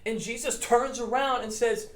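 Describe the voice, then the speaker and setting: A male pastor giving a children's Bible lesson, telling the story in a playful, animated way and acting out the characters. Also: very high-pitched, moderate pace. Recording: roomy echo.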